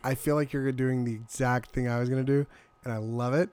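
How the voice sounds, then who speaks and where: A man's voice: mid-range voice, fairly even intonation, fairly quick, darkish tone, smooth. A man in his twenties co-hosting a comedy podcast, bantering and teasing. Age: 20s. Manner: bantering, teasing, laughs often. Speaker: podcast co-host. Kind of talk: casual comedic podcast chat.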